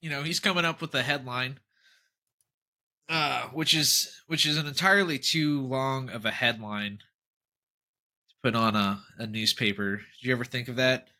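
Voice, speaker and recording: A man with a very bright, sharp-edged voice at a middle pitch, chatting casually as a podcast co-host. He talks animatedly, laughs often and drifts into playful tangents. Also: moderate pace. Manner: animated, laughing, jumps into tangents and jokey impressions. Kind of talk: casual chat.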